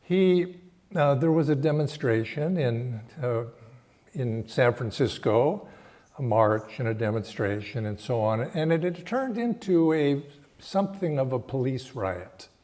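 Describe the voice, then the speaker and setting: An older man giving a Sunday sermon and telling a personal story in a reflective, halting way, often restarting his phrases. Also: medium pitch, lively intonation. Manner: slow, reflective, halting phrasing with frequent restarts and soft laughs. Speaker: spiritual teacher giving a Sunday talk.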